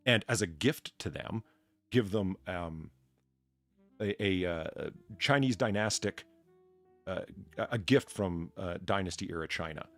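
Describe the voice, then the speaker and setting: A man's voice: low-pitched, measured pace, fairly bright tone, faint music behind. A man hosting a livestream in casual chat, telling rambling stories with lots of swearing and jokes. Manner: profane, rambling, jokey storyteller. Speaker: stream host.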